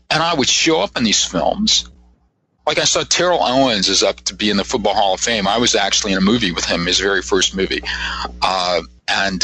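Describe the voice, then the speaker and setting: Husky, lively-voiced man in his fifties. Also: on the low side, low-quality recording. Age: 50s. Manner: animated, rambling anecdotes with acted-out quotes. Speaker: guest psychic. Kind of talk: casual radio interview storytelling.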